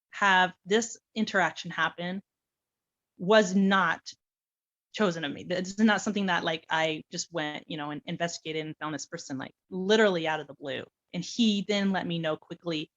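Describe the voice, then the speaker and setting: A woman with a voice on the low side tells her own adoption story casually at normal speed, animatedly acting out the dialogue and laughing often. The sound is lo-fi.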